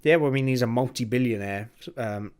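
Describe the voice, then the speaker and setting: A man's voice: mid-range voice, brisk, a little mellow. A man co-hosting a podcast, chatting casually about motor racing, hesitant, with frequent ums and restarts. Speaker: podcast co-host. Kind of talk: casual sports chat.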